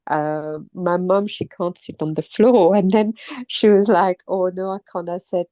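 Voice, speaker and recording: A middle-aged woman from Mauritius, down with a cold and a sore throat, telling her story in a casual, halting way with many pauses and restarts. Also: on the low side, mellow, no echo. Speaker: interviewee, temple visitor. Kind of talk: casual personal account.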